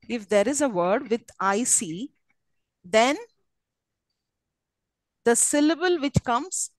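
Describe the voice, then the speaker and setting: A woman's voice: a little high, dry recording, low-quality recording. A woman teaching a lecture, explaining step by step and often checking with "okay?". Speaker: English lecturer. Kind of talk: live classroom lecture.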